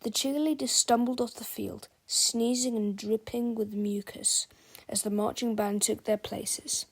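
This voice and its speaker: A woman narrating a children's book read-aloud in a slow, expressive way, often talking straight to the listener. Her voice sits fairly high, with a gravelly texture. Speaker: storybook reader.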